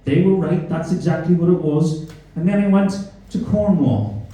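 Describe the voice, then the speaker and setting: Belfast comedian guy, sweary crowd banter, mellow voice, super echoey and kinda far off. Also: on the high side, normal speed. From Northern Ireland. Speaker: stand-up comedian. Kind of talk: stand-up comedy set. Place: comedy club stage before a live audience. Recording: very echoey room, voice from a distance.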